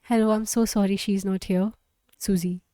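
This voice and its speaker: A woman's voice: mid-range voice, fairly even intonation, normal speed, dark tone, no echo, close to an everyday voice. A woman reading the part of an anxious, suspicious mother who argues with her teenage daughter, defensive and accusing. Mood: flustered apologetic.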